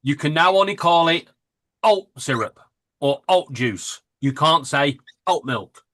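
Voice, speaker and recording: A man's voice: on the high side, lively intonation, a little slow, pushed and bright. A man in casual live banter, talking with strong opinions and checking in with "right?". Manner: opinionated, ranting, adds "right?".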